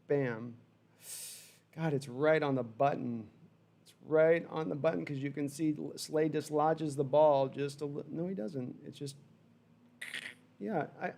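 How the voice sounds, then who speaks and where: A man hosting a fan livestream, giving rambling, animated live sports reaction with frustrated asides while reading chat. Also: fairly high pitch, measured pace, creaky, long pauses.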